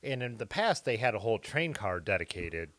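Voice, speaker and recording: A man hosting a casual live stream conversation. He has a low voice and wanders through long questions in a loose, conversational way. The recording is dry and close, with no room echo. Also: sing-song, brisk, fairly bright tone. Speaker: host. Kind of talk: casual chat.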